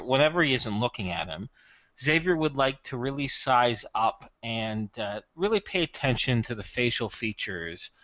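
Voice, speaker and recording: A man's voice: medium pitch, pushed and bright, no room sound, lo-fi sound. A man playing in a casual tabletop role-play, chatty and explaining his character's plans at length. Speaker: tabletop game player.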